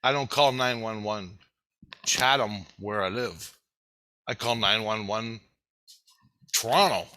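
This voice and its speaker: A man telling a story to camera in a rambling, profane, animated way. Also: fairly low pitch, slow, pauses often. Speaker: vlogger.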